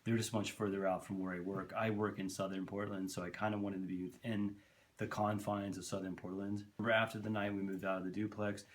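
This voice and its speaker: A man's voice: on the low side, little pitch movement, fairly quick. A man telling a long personal story to camera for his vlog, rambling and candid, swearing freely and tripping over his words. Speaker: vlogger.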